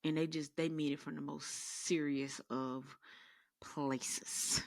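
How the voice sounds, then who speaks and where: A woman's voice: sits low, slow, no echo, clean studio sound. A woman podcast host telling sassy, rambling comedic stories in a casual monologue. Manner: animated, rambling, sassy storytelling.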